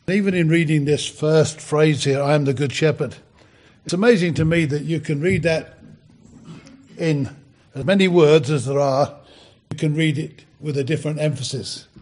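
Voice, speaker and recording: Man preaching, halting and earnest. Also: a little high. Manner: halting and conversational, many fillers and restarts; reads scripture louder and more emphatically. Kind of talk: sermon with scripture reading.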